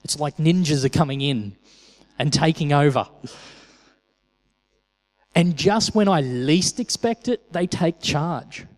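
Higher-voiced man preaching in a reverberant hall. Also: takes it slowly, long pauses. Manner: conversational, repeats words when starting phrases. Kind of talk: sermon.

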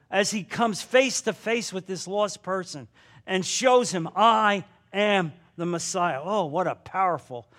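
Guy preaching, pretty high voice, gets fired up and slows way down to hit key lines. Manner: fervent, emphatic, slows for emphasis. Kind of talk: sermon.

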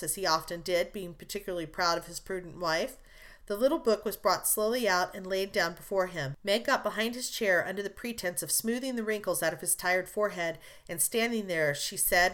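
Female audiobook narrator; measured, expressive reading of a classic novel. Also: medium pitch.

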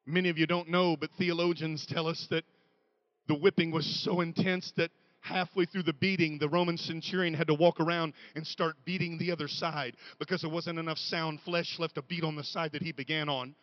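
A man preaching a comedic sermon, telling stories with animated quoted voices and building to shouts. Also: fairly high pitch, a little fast, no room sound, lo-fi sound.

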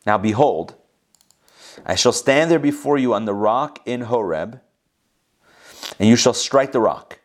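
A man with a fairly low voice reads a scripture passage and then explains it in a relaxed, conversational way. He sometimes mimics the people in the story with a raised, exasperated tone. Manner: reads verses then explains in casual asides. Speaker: Bible teacher. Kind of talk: reading scripture with commentary.

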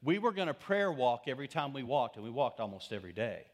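A middle-aged male pastor in the middle of a sermon. He tells stories and acts them out, rising to loud peaks and then dropping to near-whispers. His voice sits at an ordinary pitch for a man. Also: very animated, fast talker. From Texas. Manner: storytelling preacher, dramatic swings between loud and hushed.

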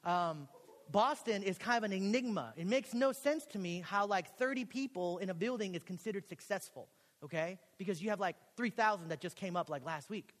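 A young man from Texas, a pastor preaching a sermon in a college chapel, telling a story and acting out the dialogue with lively, casual energy. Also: sits high, a little fast. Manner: animated storytelling, acts out quoted dialogue. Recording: long hall reverb.

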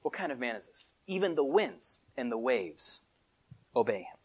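A preacher giving a sermon in casual, animated storytelling with many filler words. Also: medium pitch, normal speed, creaky, slightly rough.

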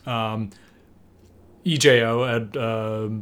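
A man's voice: steady tone, very slow, a bit bright, smooth. Rambling casual male podcast host. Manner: rambling, profane, mimics characters with raised pitch. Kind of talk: casual recap chat.

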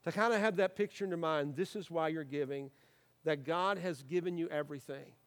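Middle-aged male pastor, earnest sermon delivery, slightly higher register. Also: a little fast. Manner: earnest, encouraging, with frequent uh fillers and restarts.

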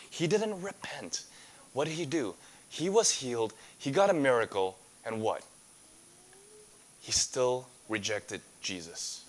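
Man, pastor, sermon, earnest, rhetorical questions, mid pitch. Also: expressive, slow, long pauses.

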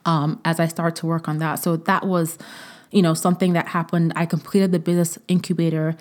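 A woman's voice: low voice, little pitch movement, brisk, a little mellow. A woman in her thirties hosting a solo podcast, talking effusively and emotionally, with frequent fillers and repeated words. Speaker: podcast host.

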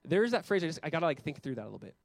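Fast-talking young male pastor preaching. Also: fairly high pitch, creaky, no room sound. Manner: conversational, animated, acts out quoted voices. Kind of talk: sermon.

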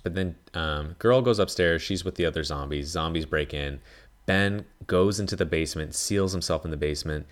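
Low-voiced man rambling about a film. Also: normal speed. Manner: rambling, heavy use of "like", frequent swearing. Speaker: podcast host. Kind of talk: casual film review monologue.

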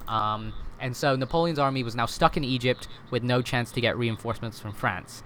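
A man's voice: medium pitch, fairly quick, fairly bright tone, a little hiss or hum. A man explaining history in a casual podcast chat, with lots of fillers, self-corrections and "right?" tag questions.

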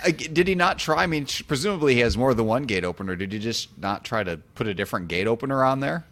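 A man's voice: mid-range voice, lively intonation, fast talker, a bit bright. A man, a father of four, co-hosting a podcast in a casual chat with dry, wry humor. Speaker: podcast co-host.

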